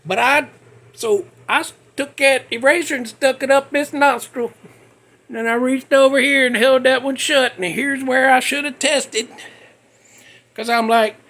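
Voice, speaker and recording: Speaking unhurriedly in a very high, fairly bright voice with a steady tone, a middle-aged man hosts a podcast. He spins a loose-grammared, folksy yarn that rambles and pokes fun at himself.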